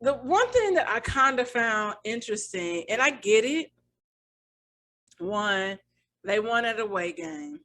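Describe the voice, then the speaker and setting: Bright-voiced chatty woman co-host. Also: a little high, big pitch swings, a little slow. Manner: chatty, thinks aloud with restarts. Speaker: podcast co-host. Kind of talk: casual chat.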